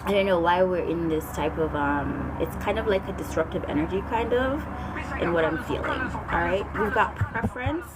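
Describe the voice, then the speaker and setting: A woman's voice: on the low side, heavy background noise. Chatty woman doing a live tarot reading. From Jamaica. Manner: chatty, thinking aloud, drawn-out fillers. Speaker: tarot reader. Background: loud background music.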